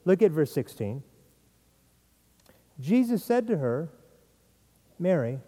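A man's voice: on the high side, very animated, slow pace, dark tone, big-room sound. A middle-aged man preaching a sermon as pastor, earnest, sometimes repeating words as he stresses a point.

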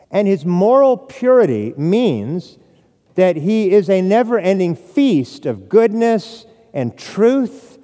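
A man preaching a sermon, animated, with frequent rhetorical "right?" asides. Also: sits high, takes it slowly. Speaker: pastor. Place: church sanctuary. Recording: long hall reverb.

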